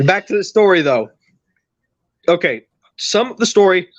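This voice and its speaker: This podcast host has a high, expressive voice and takes his time, spinning a long story in casual conversation. He rambles, teases, and restarts often; the audio is dull, with no room sound.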